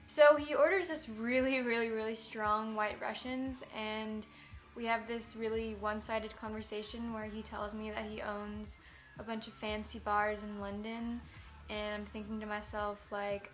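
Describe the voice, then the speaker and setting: A woman's voice: mid-range voice, level tone, unhurried. A young American woman in a casual vlog, telling a story in a rambling, self-mocking way, full of "like". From United States. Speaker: vlogger.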